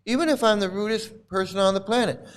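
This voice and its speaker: Talking fast in a high voice with a clean tone, a middle-aged man delivers an angry, repetitive monologue to camera. As a channel host and cult critic, he swears bitterly, his voice breaking at times.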